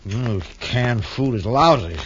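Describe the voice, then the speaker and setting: Oily mocking spy, fake-friendly menace; dull old broadcast sound. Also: male voice, medium pitch, expressive, takes it slowly, breathy edge. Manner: mock-friendly and sneering. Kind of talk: 1940s radio acting. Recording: muffled old radio recording.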